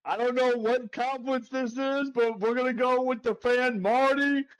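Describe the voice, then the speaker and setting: Brash high-voiced man hyping a pick. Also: fairly even intonation, moderate pace, rough recording. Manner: brash and playful, keeps tacking on "baby". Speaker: sports betting podcast co-host. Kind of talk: hyped-up betting picks chat.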